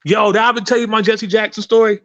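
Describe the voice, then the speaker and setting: A man telling a story on a casual podcast, profane and animated, stumbling over restarts. His voice sits a bit high for a man, and the recording is dry and slightly dull. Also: quick pace, dry recording. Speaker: podcast host and performer.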